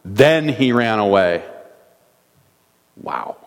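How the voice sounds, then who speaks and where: A man's voice: fairly low pitch, animated, drawn-out words, creaky. Man preaching in a reverberant church. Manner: earnest preaching, reading scripture aloud with rhetorical questions. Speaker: pastor. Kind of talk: sermon. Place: church sanctuary. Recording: long church hall reverb.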